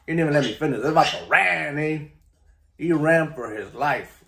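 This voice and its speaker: Man, middle-aged, casual storytelling, slangy, slightly high voice, echoey room. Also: normal speed, vocal fry, fairly bright tone. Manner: laid-back, slangy, keeps saying "you know" and "vato". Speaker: vlogger.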